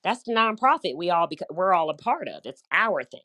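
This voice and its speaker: A woman's voice: fairly low pitch, big pitch swings, fairly quick. A middle-aged woman with a light Southern drawl, hosting a casual live chat in a chatty, upbeat way. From United States. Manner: chatty, upbeat, warm with listeners, loose run-on talk. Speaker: host, business coach.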